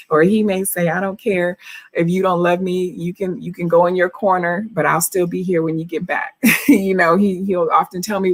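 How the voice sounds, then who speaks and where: A woman, a relationship coach chatting on a livestream, greeting viewers by name and laughing often. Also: lowish voice.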